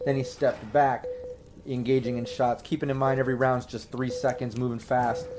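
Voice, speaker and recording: A man's voice: medium pitch, level tone, normal speed, noisy background. Rambling man running a tabletop game. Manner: rambling with many fillers and restarts. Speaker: game master.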